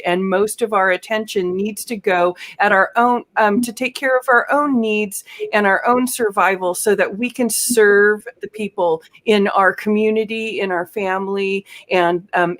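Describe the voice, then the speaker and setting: A woman hosting an online talk show, introducing guests in a chatty, enthusiastic way with frequent pauses to search for words. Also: mid-range voice, fairly bright tone. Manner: chatty, enthusiastic, many um fillers. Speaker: host.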